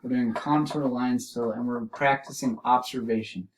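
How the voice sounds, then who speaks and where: A man teaching an art lesson, explaining drawing steps and repeating key terms slowly as he demonstrates. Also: medium pitch, fairly even intonation, far from the mic, a little hiss or hum, poor audio.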